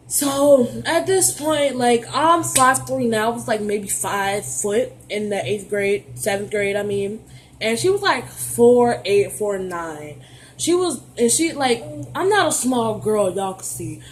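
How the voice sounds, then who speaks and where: A young adult woman telling a storytime vlog in an animated, profane, sassy way, talking straight to her viewers. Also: fairly high pitch, a little slow, a little hiss or hum. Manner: playful, addresses viewers directly. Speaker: vlogger.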